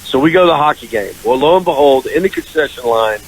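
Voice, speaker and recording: A male country singer telling a long story in a casual radio interview, animated, slipping into high voices for the people he quotes. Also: quick pace, husky, low-quality recording. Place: radio studio.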